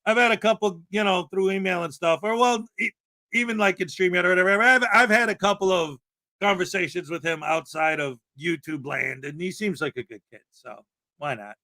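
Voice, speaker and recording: Boisterous high-voiced livestream host. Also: male voice, fairly quick. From American Midwest. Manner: boisterous, breaks into hype shouts and laughs. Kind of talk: casual live-stream chat. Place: house in Florida.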